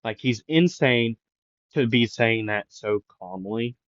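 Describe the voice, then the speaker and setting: Halting, rambling man on a dull mic. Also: mid-range voice, expressive, no echo. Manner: rambling, halting, full of fillers and restarts. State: recovering from a sore throat, avoids raising voice. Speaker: fan storyteller. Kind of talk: improvised fan story narration.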